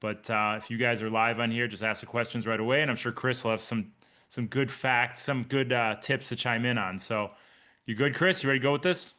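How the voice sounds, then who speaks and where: A man in his forties gives a live pre-race briefing as a triathlon coach. His voice is bright and forceful, and his pitch sits in the middle of the male range. He talks in an energetic, chatty way and jokes with the people listening, heard through a computer mic on a video call. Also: fairly quick. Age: 40s.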